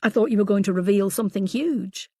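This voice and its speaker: A woman reading the lines of a sharp, anxious female team leader in an audiobook. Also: medium pitch, fast, husky, no room sound, clean studio sound. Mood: impatient. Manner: impatient, emotional.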